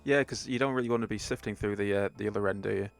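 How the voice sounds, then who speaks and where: A man's voice: fairly low pitch, fairly even intonation, quick pace, vocal fry, soft background music. A man running a tabletop game as game master, laid-back and chuckling often.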